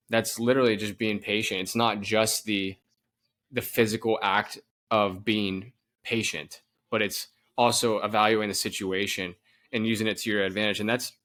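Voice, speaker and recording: Lowish-voiced man, animated podcast chatter. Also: moderate pace. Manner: animated storytelling, frequent laughs and restarts. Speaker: podcast co-host. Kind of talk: casual chat.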